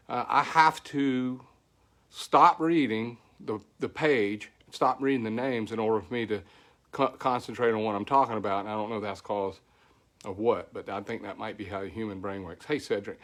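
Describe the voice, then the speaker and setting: A middle-aged man with a Southern country accent, slightly hoarse from a voice that is still recovering, chatting casually as the host of a weekly tech livestream and greeting viewers by name. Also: on the low side, fairly bright tone. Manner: rambling, folksy, thankful, greets viewers by name.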